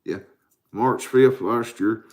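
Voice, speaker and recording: A man's voice: medium pitch, takes it slowly, a little mellow. A man in his forties rambling and cussing on a late-night livestream, tired and answering viewers. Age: 40s. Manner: rambling, profane, drowsy. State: tired from a caffeine crash. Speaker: livestream host.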